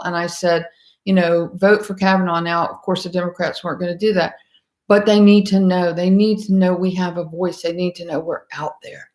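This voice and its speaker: A woman's voice: medium pitch, roomy sound. A woman hosting a casual commentary livestream, talking in an impassioned, emphatic way and rambling through restarts. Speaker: livestream host.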